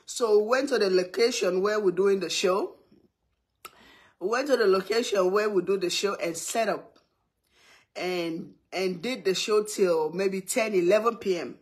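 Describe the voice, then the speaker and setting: A woman telling a story casually, animated and laughing often as she acts out others shouting. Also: medium pitch, measured pace, slightly rough. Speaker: cooking vlogger.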